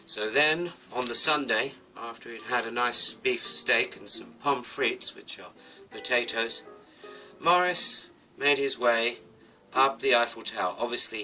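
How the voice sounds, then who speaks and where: A man's voice: mid-range voice, normal speed, distant mic, over music, rough recording. A British man telling a comic story with a toy, chatty and playful, with asides to the viewer.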